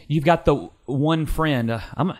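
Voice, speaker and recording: A man's voice: on the high side, slow, darkish tone. A man co-hosting a comedy podcast, bantering casually and playfully reading out script lines. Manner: playful, reads out script lines and acts them. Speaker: podcast co-host.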